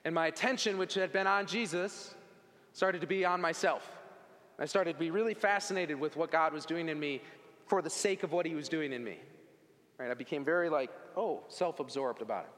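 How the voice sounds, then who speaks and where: A man with a somewhat high voice shares a personal faith testimony, earnest and conversational, tossing in casual asides to his listeners. His words ring out with a long reverb, as if spoken in a large hall. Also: a little fast, a bit bright. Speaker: speaker giving a faith testimony. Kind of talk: personal testimony talk to an audience.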